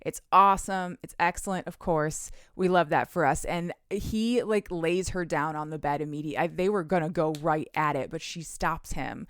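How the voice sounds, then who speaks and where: Smooth, lower-voiced woman podcast host. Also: normal speed, few pauses, dry recording, studio quality. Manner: chatty, laughs often, swears casually. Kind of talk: casual chat recapping a romance novel.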